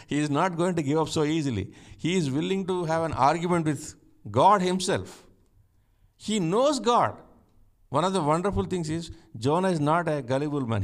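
A man with a somewhat high, gravelly voice delivers a sermon. He talks in an easy, conversational way, firing rhetorical questions at his listeners and chuckling between points. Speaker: preacher.

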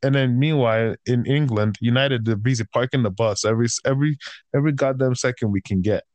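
Male co-host, mid-pitched, heated profane rant, tired and exasperated; dry, close recording. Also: quick pace, a little mellow, no room sound. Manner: swings between raised outbursts and tired grumbling. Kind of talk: casual ranting chat.

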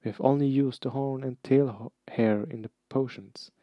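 A man's voice: medium pitch, fairly even intonation, moderate pace, dry recording, highs cut off, voice pushed up, close to an everyday voice. A man voicing a nervous young schoolboy. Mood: uncertain. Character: frightened young schoolboy wizard. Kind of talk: audiobook character reading.

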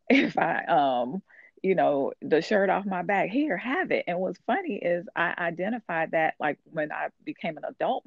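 Gravelly woman on a tinny line. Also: deep voice, no room sound. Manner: earnest, candid storytelling. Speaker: author. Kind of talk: casual conversation.

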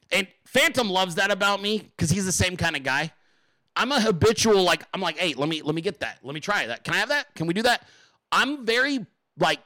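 Animated, bright-voiced male talk host. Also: high voice, no room sound. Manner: excitable, profane, rambling with many fillers and laughs. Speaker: podcast host. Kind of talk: casual solo talk show.

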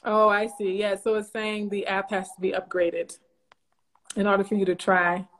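A woman's voice: medium pitch, little pitch movement, moderate pace, a bit bright. A woman from Louisiana, hosting a casual live stream. She is bubbly, laughs often and greets viewers by name. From Louisiana, USA.

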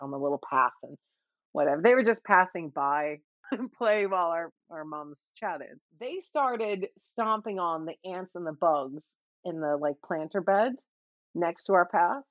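A woman's voice: on the low side, no echo, lo-fi sound. A woman co-hosting a casual chat, telling childhood stories with lots of laughter and acted-out quotes. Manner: animated storyteller, laughs often, acts out quoted voices.

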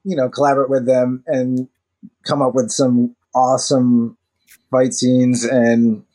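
A man's voice: medium pitch, flat delivery, a little slow, warm tone. Male guest, conversational, loose and laughing, mid-range voice. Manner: rambling with restarts and laughs. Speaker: podcast guest, actor. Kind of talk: casual interview chat.

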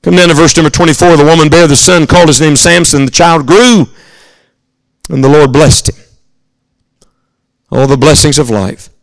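A man's voice: fairly high pitch, normal speed, creaky, pauses often, dry recording, low-quality recording. A man with an American accent preaching a sermon at a youth camp, earnest and speaking straight to his listeners. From United States. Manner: earnest, storytelling, addresses listeners directly.

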